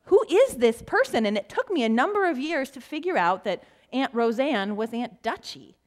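A woman's voice: a little high, expressive, normal speed. Woman pastor preaching a conversational sermon. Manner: conversational storytelling, rhetorical questions. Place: church sanctuary.

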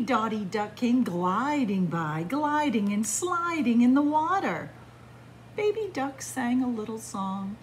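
A woman children's librarian reading a picture book aloud, in a slow, animated storytelling manner. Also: medium pitch, slight background noise.

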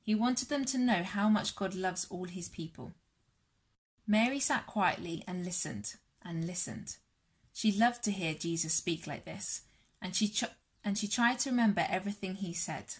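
Woman, church storyteller, reading a Bible story aloud, measured storytelling pace, mid-height voice. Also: medium pitch. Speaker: storyteller for a church all-age session.

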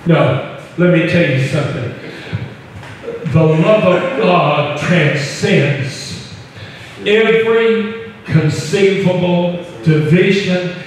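A man's voice: a little high, slight background noise. A male pastor preaching in a folksy, conversational way, with frequent asides to the congregation. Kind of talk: sermon. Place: church hall. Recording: echoey hall, distant mic.

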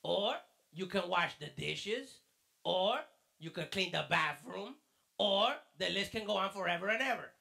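Fatherly man teaching and quizzing kids, high bright voice with gravel. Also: measured pace, slight background noise. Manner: fatherly, calls the listener mijo. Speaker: children's church teacher. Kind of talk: children's lesson and quiz. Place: church.

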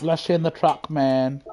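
Slightly high and mellow, with vocal fry, this gaming streamer talks through a headset as he races live from home. Faint game sounds play in the background while he keeps saying "man" casually, fighting coughing fits and a dry throat.

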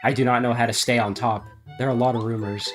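A man on a live stream reading garbled game dialogue aloud in a deadpan comic voice, often breaking into laughter. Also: medium pitch, fast, faint music behind.

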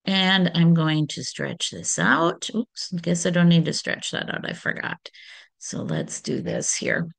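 A woman hosting a craft tutorial, talking through each step on screen in a relaxed way and correcting her small slips as she goes. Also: medium pitch, vocal fry. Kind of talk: screen-recorded software tutorial.

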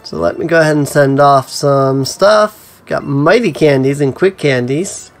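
A man's voice: on the high side, measured pace. A man giving casual gameplay commentary as a let's play host, musing to himself with frequent ums.

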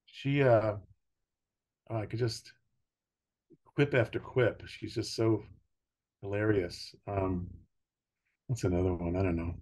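An older man with a low voice chats easily as a podcast guest. He tells personal stories with frequent laughter and drifting pauses. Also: fairly even intonation. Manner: warm storytelling, laughing often, trailing pauses. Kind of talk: casual conversation.

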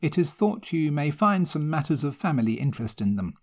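A man's voice: a little high, very animated, a little fast, voice pushed up. A man voicing a polite, formal young scholar who is in a hurry. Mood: courteous. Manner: courteous, formal.

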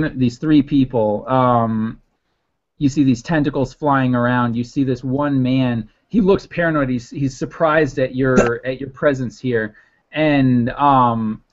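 Game master, male, unhurried and rambling narration, muffled lo-fi sound. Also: medium pitch, darkish tone. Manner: rambling, many fillers. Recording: dull lo-fi audio.

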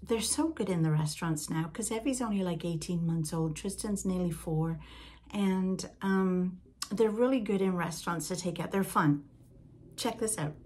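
Husky older woman chatting. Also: on the low side, normal speed, mellow. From Britain. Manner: chatty and rambling, with asides to the listener. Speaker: podcast host. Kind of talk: casual chat.

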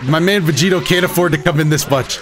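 A man giving live commentary on his own fighting-game matches, excitable, swinging between muttering and shouting, his throat a bit rough. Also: on the high side, fast talker. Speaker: gaming YouTuber.

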